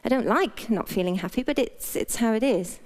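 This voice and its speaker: A woman's voice: a little high, expressive, brisk. A middle-aged British woman, a doctor, giving a frank, playful motivational talk in a conversational way. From Britain. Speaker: doctor and speaker.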